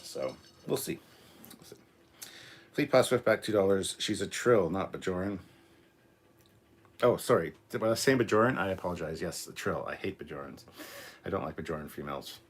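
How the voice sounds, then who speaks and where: A man's voice: low-pitched, expressive, moderate pace, long pauses, a little hiss or hum. A Canadian man in his forties, hosting a casual live reaction stream, rambling with many ums, reading chat aloud and apologizing for a cough. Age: 40s. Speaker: livestream host.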